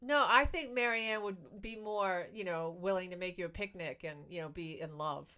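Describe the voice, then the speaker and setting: A woman's voice: on the low side, normal speed, bright, forceful tone. A woman co-hosting a comedy talk show, bantering playfully and reading out news items. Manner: playful, teasing, reads news items aloud. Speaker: co-host.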